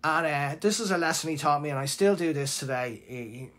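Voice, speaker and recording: A middle-aged Irish man from Dublin hosting a live show. He tells a personal story in a casual, animated and emotional way, with lots of restarts. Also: fairly high pitch, fairly quick. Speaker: host.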